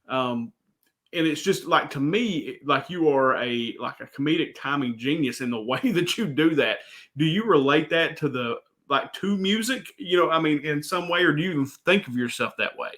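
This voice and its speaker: A man's voice: a little high, a bit bright. A man hosting a casual interview, talking enthusiastically and rambling with lots of fillers. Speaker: interview host.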